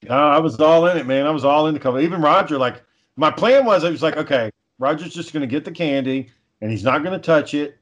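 A man's voice: a little high, fast talker. A man in casual chat, telling stories in a laid-back way, swearing often and chuckling.

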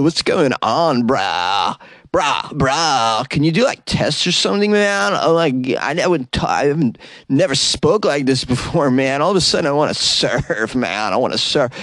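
A man's voice: a little high, lively intonation, unhurried, a bit bright, no echo, clean studio sound, pitched above the performer's own voice. A man voicing a laid-back surfer dude with a slangy, drawling delivery. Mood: stoned.

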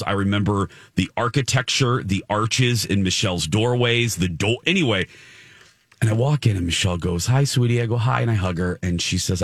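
Low-voiced man telling a rambling story. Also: husky, dry recording, clean studio sound. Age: middle-aged. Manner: rambling, self-correcting storyteller. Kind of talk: casual storytelling chat.

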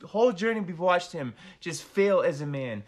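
A man's voice: sits high, lively intonation, normal speed. A man co-hosting a casual reality-TV recap podcast, ranting profanely and laughing often. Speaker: podcast co-host.

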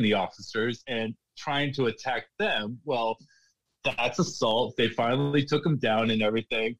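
A man's voice: medium pitch, steady tone, unhurried, rough recording. A man working as a bartender, telling stories casually in an interview, laughing often and restarting his sentences. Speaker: guest, former casino bartender.

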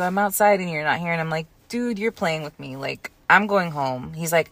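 A young adult woman co-hosting a podcast, telling a story in a casual, animated and profane way. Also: lowish voice, a little fast, hardly any pauses. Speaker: podcast co-host. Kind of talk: casual chat.

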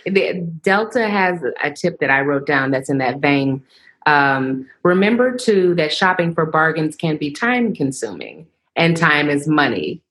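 Laughing woman guest, lowish voice. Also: big pitch swings, unhurried, fairly bright tone. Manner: laughs often while talking. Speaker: podcast guest, writer. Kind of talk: casual chat.

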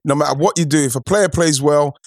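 Excitable host, higher-pitched man, casual football chat, dry close sound. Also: quick pace, no echo. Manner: rambling, many restarts, excitable. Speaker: podcast host.

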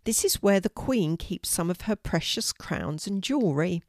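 A woman voicing an older grandmother in a storybook reading, calm and explanatory. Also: on the low side, normal speed, no room sound, clean studio sound. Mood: patient. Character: warm, knowledgeable older grandmother.

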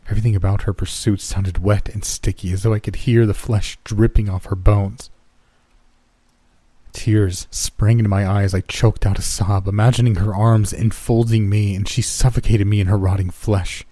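Dark-voiced man narrating horror. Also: lowish voice, no room sound. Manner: steady, measured first-person reading. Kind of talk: scripted horror story narration.

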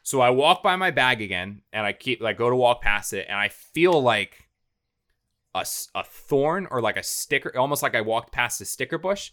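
A man's voice: mid-range voice, sing-song, moderate pace, pushed and bright. A man co-hosting a show, telling a long story in a casual, rambling way with lots of fillers and restarts.

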